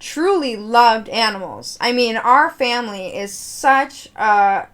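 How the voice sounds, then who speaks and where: A young woman hosting a podcast, telling a story in an animated, laughing, casual way with many fillers. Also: on the high side, slow pace. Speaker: podcast host.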